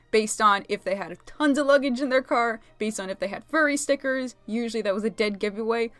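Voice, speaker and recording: A woman telling a convention story while she paints at home, chatty and giggly with quick asides. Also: fairly high pitch, a bit bright, no echo. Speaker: video creator. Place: home, talking to her pet bird.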